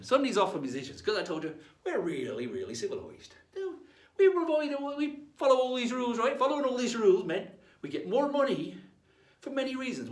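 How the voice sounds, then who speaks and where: A man presenting a playful in-character history lesson as a pirate captain, tagging nearly every line with "right?". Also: high voice. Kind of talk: in-character educational talk. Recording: echoey room, mic at a distance.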